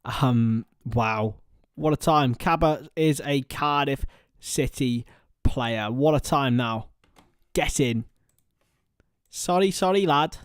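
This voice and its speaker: A young man hosting a casual live stream, chatting with viewers by name and bursting into excited shouts. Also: mid-range voice, slow pace, clear, resonant tone, no echo, clean studio sound. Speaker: livestream host.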